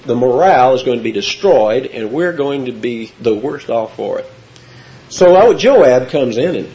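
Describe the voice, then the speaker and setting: A man's voice: medium pitch, a little mellow. A man preaching an expository sermon, telling the story with animation and acting out the quotes. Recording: dull lo-fi recording.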